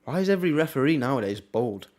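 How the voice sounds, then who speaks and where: A young Englishman talks through a football match live for his viewers, casual and chatty. He throws in wry asides and quick reactions between passages of play, in an ordinary mid-pitched voice. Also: big pitch swings, darkish tone. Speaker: watchalong streamer.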